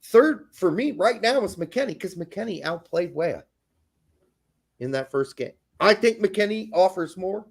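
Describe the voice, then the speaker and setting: A man with a fairly high voice that swings widely in pitch, chatting about soccer as a podcast co-host. He talks in a profane, emphatic and animated way. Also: a little slow, creaky, slightly rough. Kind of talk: casual soccer chat.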